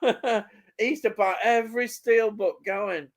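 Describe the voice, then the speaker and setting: A man's voice: high-pitched, fairly even intonation, a little slow, gravelly, a crowd in the background. A man, co-hosting a film chat live stream, reading out chat comments and teasing his co-host with frequent laughs.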